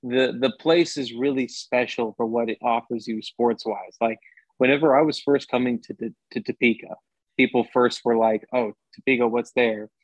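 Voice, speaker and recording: A man's voice: medium pitch, fairly even intonation, normal speed, no echo, rough recording. A young man, a sports anchor, chatting casually as a podcast guest and often restarting his sentences with upbeat energy.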